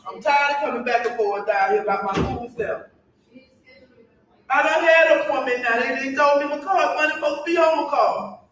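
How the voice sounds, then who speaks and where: A woman's voice: high voice, a little fast, a bit bright, slight background noise. A woman comedian playing a weary older single mother who complains over and over about her food stamps. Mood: fed up. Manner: exasperated, repetitive complaining. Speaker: comedian in a sketch. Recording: echoey, distant clip with faint ambience.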